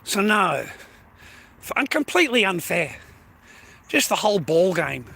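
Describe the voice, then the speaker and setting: A man with an Australian accent vents to camera in a loose, swearing monologue. His voice sits high for a man and has a sharp, forceful edge. He circles back over the same points and keeps calling his listeners mate. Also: sing-song, a little slow, creaky, husky, poor audio. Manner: profane, repetitive, addresses viewers as mates and boys. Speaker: vlogger. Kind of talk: ranting casual monologue.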